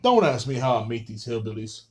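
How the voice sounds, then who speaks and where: Young guy hosting a podcast, casual profane rant, mid pitch, rambling. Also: very animated, fairly quick. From Texas. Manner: profane, rambling, lots of fillers. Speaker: podcast host. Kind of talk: casual ranting monologue.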